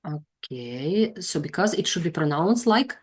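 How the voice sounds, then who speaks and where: A woman's voice: low voice, very animated, a little slow. A woman leading an online English teaching lesson, calling on trainees and explaining their mistakes. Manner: calls on students, corrects gently.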